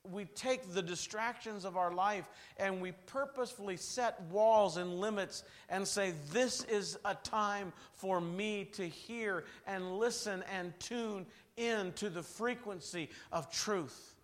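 A man preaching a revival sermon, telling stories dramatically and swinging from loud bursts to hushed lines. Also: high voice, takes it slowly, hardly any pauses.

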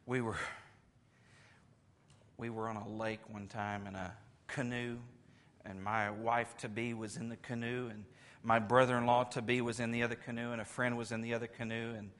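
A man preaching a sermon in lively storytelling fashion, swinging his pitch and volume as he retells scenes. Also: a little hiss or hum.

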